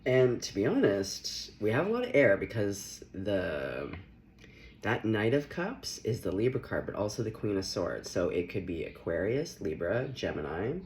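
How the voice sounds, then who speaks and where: A man's voice: on the low side, big pitch swings, normal speed, darkish tone, slight background noise. A young man giving a casual, playful tarot reading, often laughing as he talks. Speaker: tarot reader.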